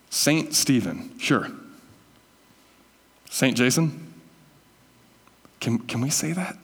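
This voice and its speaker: A man's voice: medium pitch, expressive, slow pace, long pauses, slightly rough, big-room sound. A man preaching a conversational sermon as a pastor, correcting himself and teasing listeners by name.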